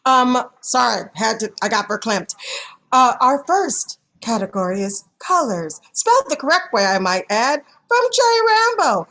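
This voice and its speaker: A woman's voice: on the high side, sing-song, unhurried, pushed and bright. An American woman announcing at an improv comedy show, slangy, playful and hammy. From United States.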